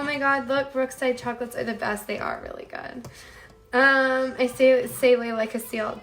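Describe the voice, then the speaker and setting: Her voice sits fairly high and has a slight brightness. She hosts a home cooking livestream, chatting casually and cheerfully reading viewer comments aloud, calling her audience "you guys."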